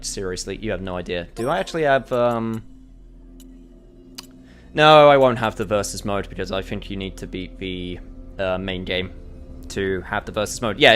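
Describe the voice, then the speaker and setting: A man streaming a game demo, talking casually and excitedly as he plays. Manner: excitable, enthusiastic, quick shifts in pitch. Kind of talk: casual gameplay commentary.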